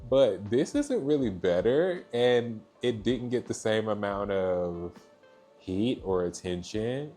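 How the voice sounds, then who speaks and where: A man's voice: on the low side, animated, slow, mellow, faint music behind. A young man from Georgia in the US, chatting casually about books he read, gushing and often saying "so yeah". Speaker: book reviewer. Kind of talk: casual book review chat.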